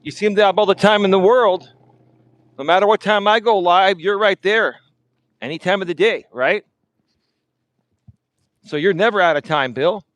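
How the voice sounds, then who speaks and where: A man's voice: sits high, moderate pace, long pauses, a bit bright, no room sound. A man hosting a livestream, taunting a rival with repeated jabs. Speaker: livestream host. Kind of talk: confrontational livestream rant.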